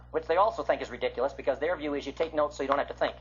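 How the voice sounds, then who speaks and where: Husky older man lecturing. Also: a little high, rapid-fire. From American Midwest. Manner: animated, swings from loud to hushed. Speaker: Bible teacher. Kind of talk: illustrated lecture. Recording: muffled lo-fi recording.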